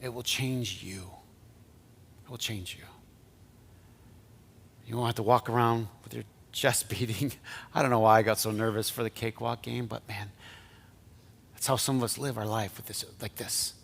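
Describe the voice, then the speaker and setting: A male pastor giving a conversational sermon, now and then dropping to soft, near-whispered lines. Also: lowish voice, steady tone, brisk, vocal fry, a little hiss or hum.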